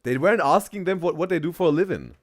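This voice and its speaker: A man's voice: fairly high pitch, animated, fast talker. A man hosting a live reaction stream, chatting loosely with viewers and thinking aloud as he talks. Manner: rambling, chatty, addresses chat viewers directly. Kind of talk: casual live-stream commentary.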